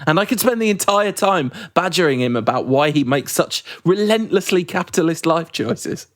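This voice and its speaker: A man's voice: a little high, expressive, dry recording, studio quality. A man co-hosting a podcast, rambling and joking in casual chat with a laugh never far off. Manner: rambling, self-deprecating, quick to laugh. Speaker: podcast co-host.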